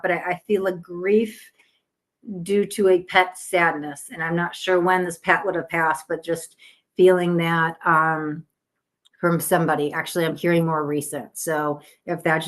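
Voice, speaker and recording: A tired woman with a lowish voice hosts a live psychic stream from home. She talks in a chatty, earnest way, restarting her sentences and guiding listeners softly through breathing. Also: fairly even intonation, normal speed. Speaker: psychic tarot reader hosting a live stream. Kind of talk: casual live-stream chat.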